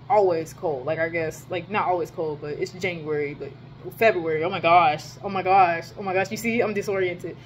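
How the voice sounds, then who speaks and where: Young woman ranting, animated and profane. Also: slight background noise. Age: young adult. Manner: animated and profane, swings to high exclaims. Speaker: vlogger. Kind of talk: casual ranting vlog. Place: her dorm room.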